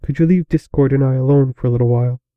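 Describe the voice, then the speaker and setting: A man voicing a gentle, timid old female pegasus pony who speaks softly. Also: medium pitch, fairly even intonation, fast, no room sound, narrow, tinny audio, close to an everyday voice. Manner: soft-spoken, whispery.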